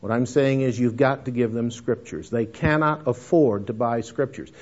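A man lectures a room on missions in a folksy, emphatic way, leaning on the audience with direct asides. His voice sits at an ordinary middle pitch. The recording is muffled and lo-fi. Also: moderate pace, darkish tone. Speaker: missions speaker.

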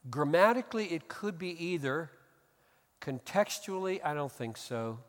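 Middle-aged male pastor preaching with rising passion; a slightly high voice in an echoing church. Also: sing-song, normal speed. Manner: emphatic preaching, swelling to loud impassioned peaks. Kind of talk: sermon.

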